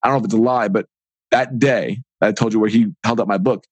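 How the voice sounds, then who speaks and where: A man in his forties, a podcast guest and author, talking in a casual, energetic and rambling way and acting out little imagined dialogues. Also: fairly low pitch, fast talker, husky, no room sound. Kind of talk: casual interview talk.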